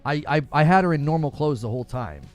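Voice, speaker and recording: Animated man hosting a gaming stream. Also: on the high side, fast, faint music behind. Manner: animated, incredulous, rambling. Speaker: gaming show host. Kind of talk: live-stream chat answering viewers. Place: home.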